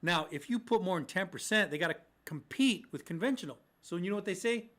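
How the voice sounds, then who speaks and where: High-voiced joking man answering mortgage questions. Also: animated, fairly quick, fairly bright tone. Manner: joking, puts on voices for lenders. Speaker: mortgage podcast co-host. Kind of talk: casual chat answering listener questions.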